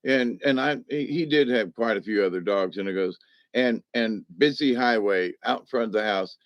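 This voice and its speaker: A man's voice: fairly low pitch, normal speed, no echo. A man telling a personal story in a casual, rambling way, folksy and meandering, with homespun slang.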